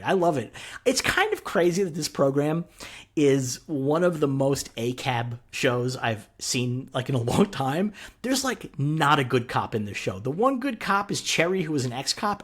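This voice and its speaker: A man co-hosting a casual TV recap podcast, talking in an animated way, swearing freely and leaning on fillers. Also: a little high, a little fast, breathy edge. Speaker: podcast co-host.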